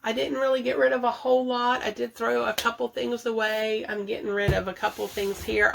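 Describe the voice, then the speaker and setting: In her home bathroom, a budget and declutter vlogger chats with viewers as she organizes, thinking out loud and frequently laughing. Her voice sits a little high and has a creaky quality, with background noise present. A camera placed nearby captures her and is shifted around as she works.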